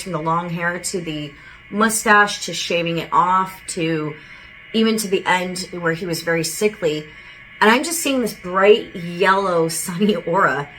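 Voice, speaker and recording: A woman's voice: fairly low pitch, bright, forceful tone, a little hiss or hum, poor audio. A woman as a psychic medium giving a channeled spirit reading, relaying what she hears in a casual, rambling way with lots of "he goes".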